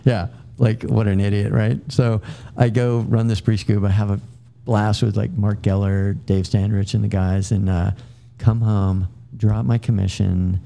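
A middle-aged man with a low, gravelly voice spins a casual anecdote from his service days. His tone is very dark and mellow, and he talks in loose runs full of fillers and self-corrections. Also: flat delivery, unhurried. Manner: rambling anecdotes with frequent fillers and restarts. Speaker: podcast guest, military veteran. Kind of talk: casual storytelling.

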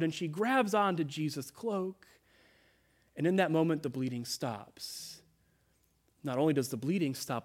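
Man preaching a sermon, slightly higher voice. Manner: earnest preaching, dropping soft on quoted words. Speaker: pastor. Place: church sanctuary.

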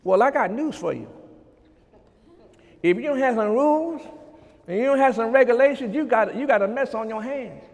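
A male preacher delivering a fervent sermon and reading scripture aloud. He repeats his phrases and swings between loud and hushed delivery. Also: very high-pitched, expressive, moderate pace, creaky, pauses often. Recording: long hall reverb.

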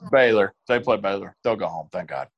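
Dry, low-voiced man talking sports. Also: fast talker, gravelly, husky, muffled recording. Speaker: podcast co-host. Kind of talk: casual sports podcast chat.

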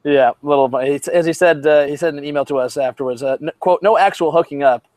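A man's voice: on the high side, fairly even intonation, quick pace, a little mellow, dry recording. A man co-hosting a casual sports podcast, rambling with many fillers and wry jokes. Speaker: podcast co-host.

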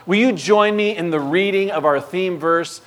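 A male pastor preaching a sermon, telling animated stories and acting out the scenes. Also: sits high, moderate pace.

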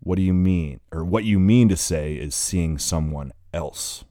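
A bitter, heartbroken young man, a little drunk, swears and almost shouts in an audiobook scene, read by a man. The voice is extremely low and dark. The recording is dry and close. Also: measured pace, dry recording. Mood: angry.

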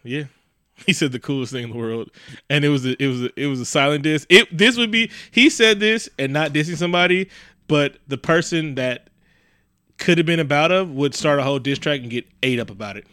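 Man, casual co-host chat, bright tense voice, animated, swearing, dry close sound. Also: a little fast, clear, resonant tone, no room sound. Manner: animated, swearing, jumps into high excited bursts. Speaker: podcast co-host.

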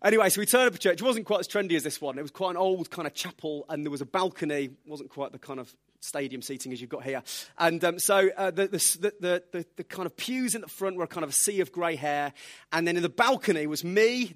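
Man, preacher, sermon, high-pitched, lively self-mocking storytelling. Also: fairly quick.

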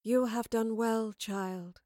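A woman voicing a scheming woman posing as a goddess, speaking slowly and low in a commanding, intoning way. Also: no echo, clean studio sound, lightly acted.

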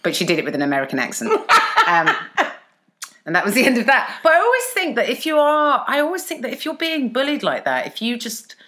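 A middle-aged woman chatting casually, telling animated stories with frequent laughter. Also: fairly high pitch, quick pace. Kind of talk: casual chat.

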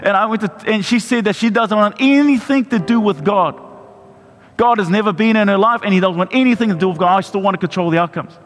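A man's voice: high voice, fast talker. A man, a pastor preaching a sermon and telling a personal story, often restarting and repeating his words. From New Zealand. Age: 40s. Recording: long hall reverb with music behind.

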